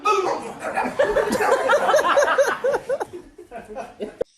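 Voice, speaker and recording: A man's voice: extremely high pitch, sing-song, drawn-out words, reverberant, very noisy. A man laughing and swearing in disbelief at his pet.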